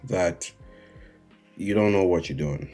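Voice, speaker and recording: A man giving a live-streamed trading lesson, speaking slowly and repeatedly checking in with his viewers. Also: sits low, warm tone, faint music behind. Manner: unhurried, repeating "right?" and "guys" to the chat. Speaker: trading instructor.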